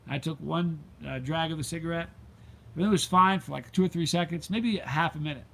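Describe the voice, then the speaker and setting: Chatty man vlogging, slightly high voice. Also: brisk, vocal fry, pushed and bright, poor audio. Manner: rambling, chatty storyteller with many ums. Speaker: vlog host. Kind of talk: casual livestream chat. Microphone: handheld gimbal camera.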